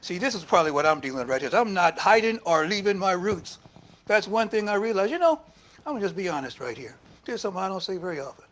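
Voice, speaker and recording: A man preaching a sermon as minister, lively and talking back and forth with the congregation. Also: sits high, quick pace. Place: church service.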